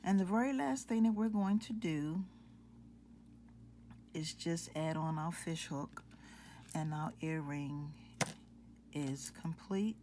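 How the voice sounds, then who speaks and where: A woman hosting a jewelry-making tutorial, calmly talking viewers through each step and addressing them as ladies and gentlemen. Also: deep voice, takes it slowly, pauses often, a little hiss or hum. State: out of breath.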